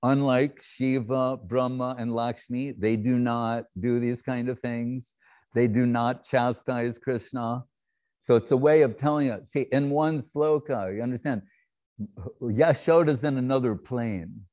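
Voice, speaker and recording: A man speaking at a mid-range pitch tells devotional stories at an unhurried pace. He acts out the scenes as he goes and laughs often. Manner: animated storyteller, acting out scenes, laughs often. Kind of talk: devotional storytelling talk.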